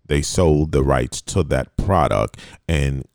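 A man hosting a casual interview, relaxed and conversational, often repeating words as he thinks. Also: very deep voice, slow, vocal fry, dry recording, studio quality. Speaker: podcast host.

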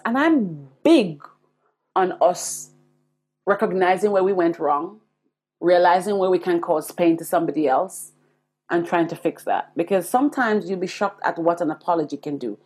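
A Jamaican woman in her forties talks to her listeners in a confiding, earnest podcast monologue. Her voice sits a little low and sounds husky. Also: a little mellow. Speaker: podcast host. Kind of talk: personal storytelling monologue.

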